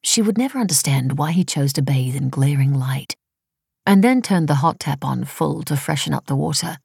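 Low gravelly woman narrating a story. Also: expressive, moderate pace, darkish tone, dry recording, studio quality. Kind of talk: audiobook narration.

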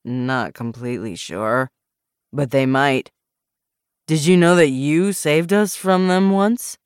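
A woman's voice: deep voice, slow, smooth, dry recording, clean studio sound. A woman voicing a drunk man who rambles and pleads in a loose, unsteady way. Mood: drunk, rambling.

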